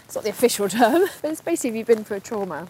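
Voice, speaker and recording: A woman's voice: fairly high pitch, very animated, racing, a little mellow, slight background noise, rough recording. A woman, a podcast host, talking in a rambling, chatty way while walking outdoors through a park in the rain, laughing at herself now and then. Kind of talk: casual spoken monologue while walking.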